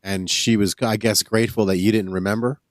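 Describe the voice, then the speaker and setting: A man hosting a podcast, asking quick, casual follow-up questions. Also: fairly low pitch, fairly even intonation. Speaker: podcast host. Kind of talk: casual interview chat.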